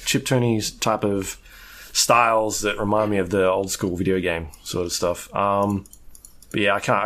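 A man's voice: low voice, fairly bright tone. A man co-hosting a podcast, rambling in casual chat with frequent fillers and casual swearing. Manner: rambling, lots of ums and likes, swears casually. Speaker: podcast co-host.

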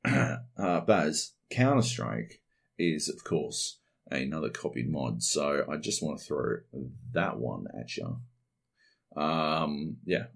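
Australian man, podcast host, low voice, lively swinging pitch, rambling, sweary. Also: vocal fry. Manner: rambling, heavy swearing, animated. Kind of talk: casual solo podcast monologue.

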